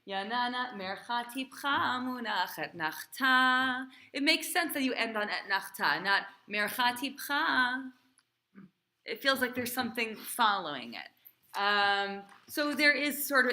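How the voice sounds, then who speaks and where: A woman's voice: fairly high pitch, expressive, moderate pace, sharp tone. A female cantor teaching a class, quizzing and encouraging her students in a chatty way.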